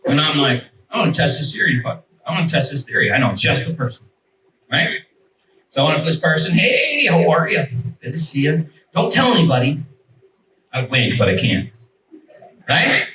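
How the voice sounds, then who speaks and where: A bright-voiced man tells his testimony to a crowd in a lively, joking way and keeps checking in with his listeners. His voice sits a little high for a man. The room is echoey and he sounds some distance from the mic, with a faint hum behind him. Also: moderate pace, long pauses. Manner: animated storyteller, jokey asides, emphatic rhetorical "right?". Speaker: veteran giving a testimony. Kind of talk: personal testimony to an audience.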